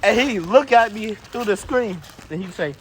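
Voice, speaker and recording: High-voiced man spinning a casual yarn. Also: expressive, moderate pace, a little hiss or hum. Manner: casual, swearing, playful trash talk. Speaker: co-host. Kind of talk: improvised what-if storytelling.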